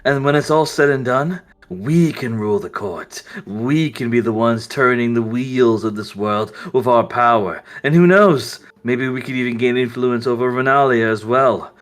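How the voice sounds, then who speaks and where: A man's voice: medium pitch, normal speed, few pauses, close to an everyday voice. A man voicing a bitter, power-hungry widower who snarls, swears and dismisses others. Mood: scornful.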